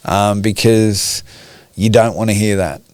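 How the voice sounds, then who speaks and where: A frank middle-aged man speaking candidly as a podcast guest, his voice sitting low. He swears freely and speaks with raw emotion. The sound is dry and close. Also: fairly even intonation, a little slow, a little mellow, smooth, dry recording. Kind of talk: candid conversation.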